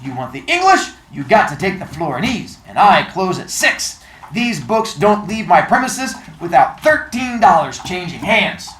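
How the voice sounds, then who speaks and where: A woman voicing a gruff older male bookseller with a thick accent, loud and haggling. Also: medium pitch, sing-song, normal speed, roomy sound, slight background noise, voice pushed up, rough recording.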